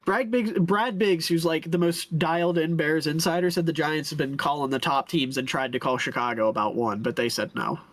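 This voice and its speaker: Chatty podcast co-host, mid-pitched, dead dry mic, opinionated and laughy. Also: fairly even intonation, normal speed, few pauses, no room sound. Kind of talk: casual sports chat. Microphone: own desk mic.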